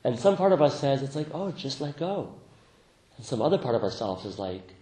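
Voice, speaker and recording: Guy giving a meditation talk, soft and easygoing, laughs a lot, echoey room. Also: mid-range voice, fast talker. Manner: gentle, laughs often, animated when telling stories. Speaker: meditation teacher. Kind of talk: dharma talk.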